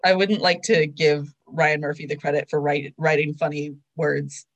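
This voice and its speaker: A woman's voice: deep voice, little pitch movement, normal speed, muffled recording. A young woman co-hosting a podcast, casually recapping a TV episode, chatty and full of fillers. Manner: chatty, filler-heavy, storytelling. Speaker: podcast co-host.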